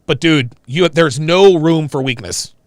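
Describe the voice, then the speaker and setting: A man's voice: fairly high pitch, unhurried, no room sound, clean studio sound. A man hosting a livestream, giving casual, profane reaction commentary and talking to viewers as "dude.". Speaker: livestream host reacting to a video.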